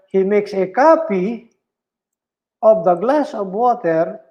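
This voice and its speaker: A man giving an online philosophy lecture, speaking deliberately, repeating key terms and checking in with "all right?". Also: high-pitched, darkish tone, lo-fi sound. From Philippines.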